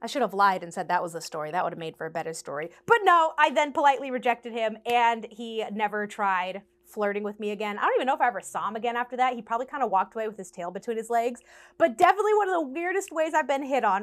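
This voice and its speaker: A young woman vlogger telling a funny dating story in a casual storytime, animated and often laughing as she acts out what people said. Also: fairly high pitch.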